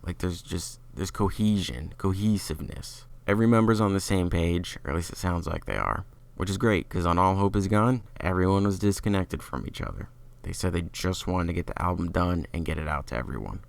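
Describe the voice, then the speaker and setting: A man's voice: low voice, a little fast, gravelly. A man giving a casual, opinionated music review, talking loosely with lots of fillers. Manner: opinionated, chatty, filler-heavy.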